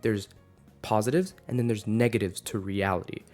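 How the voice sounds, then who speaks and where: A man's voice: fairly low pitch, fairly even intonation, normal speed, darkish tone, soft background music. Rambling young man ranting on a vlog. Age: 20s. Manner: rambling, many fillers and self-interruptions. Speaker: vlogger. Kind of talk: casual rant to camera.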